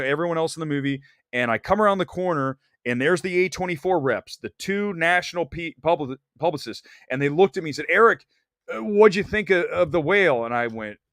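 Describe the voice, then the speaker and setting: A man hosting a movie talk show, giving blunt, animated opinions with bursts of laughter. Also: a little high, no echo, studio quality. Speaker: podcast host and film critic. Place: Los Angeles studio.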